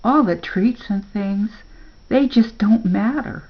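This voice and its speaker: A woman's voice: medium pitch, slow, dull audio. An older woman voicing a young boy, earnest and remorseful, pleading and anxious.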